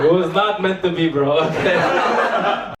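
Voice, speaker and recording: A man doing stand-up crowd work and storytelling, animated and laughing along with the audience. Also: fairly high pitch, slow pace, heavy background noise. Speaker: stand-up comedian. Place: comedy venue with live audience. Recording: echoey room from a distance, loud crowd laughter.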